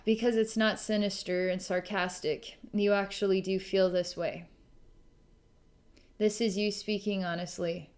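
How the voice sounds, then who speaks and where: A woman speaking in a middle register as she gives a psychic reading to a client. She muses aloud, pauses often and sighs, with little laughs scattered through. Her voice sits at an ordinary pitch, neither high nor low. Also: little pitch movement, a little mellow. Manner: musing, halting, with frequent ums and sighs. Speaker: psychic reader. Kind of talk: recorded psychic session.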